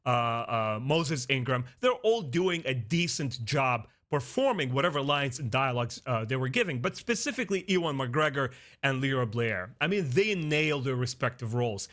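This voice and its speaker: A man reviewing a TV series in a casual, earnest way, talking straight to his viewers and often pausing with "uh" and restarting. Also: medium pitch. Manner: earnest and expressive, talks straight to viewers as "guys"; frequent "uh" fillers and restarts. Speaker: film and TV reviewer. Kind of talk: casual spoken review to camera.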